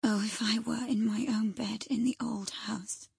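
A woman's voice: mid-range voice, a little slow, a little mellow, husky, no room sound, clean studio sound. A woman reading the part of a feverish, frightened young noblewoman, with anxious, breathless lines that often drop to a whisper. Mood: pleading. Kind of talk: audiobook character reading.

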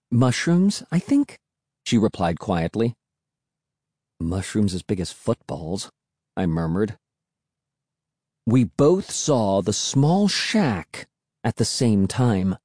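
A man reading a children's spooky novel aloud as an audiobook narrator, telling it in an expressive, dramatic way. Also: mid-range voice, no echo, studio quality.

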